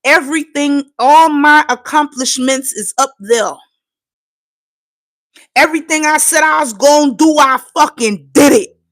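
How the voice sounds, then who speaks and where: High-voiced tearful woman ranting. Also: measured pace, fairly bright tone. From Trinidad. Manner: profane, impassioned, insistent. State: fighting back tears. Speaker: livestreamer. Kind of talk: emotional live-stream rant.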